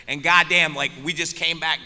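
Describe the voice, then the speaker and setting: A man tells rowdy, profane stories on a convention stage, laughing as he goes. His voice is bright and sharp and sits a little high. The sound carries a long reverb from the hall. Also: steady tone, normal speed, smooth. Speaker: panelist, musician. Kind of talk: animated convention panel storytelling.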